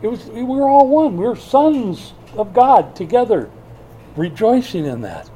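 An older man preaching a sermon in a church, swinging from loud bursts to hushed asides. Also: extremely high pitch, sing-song, a little slow, slight background noise. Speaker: pastor.

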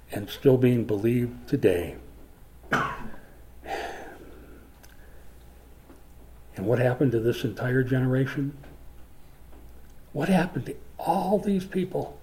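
Mellow-voiced pastor preaching emphatically. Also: male voice, mid-range voice. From Minnesota, USA. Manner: emphatic preaching that swings from forceful to hushed. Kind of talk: sermon.

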